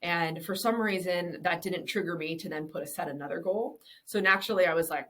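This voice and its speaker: A woman's voice: fairly low pitch, a little fast, hardly any pauses, a bit bright. A woman in her thirties, a business owner and interview guest, chatting casually and candidly, swearing freely and laughing often.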